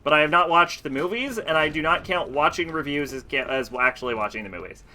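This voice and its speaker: A man's voice: fairly high pitch, lively intonation, fast talker, sharp tone, slight background noise. A man streaming a video game, chatting casually and telling rambling, profane stories. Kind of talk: casual chat while playing.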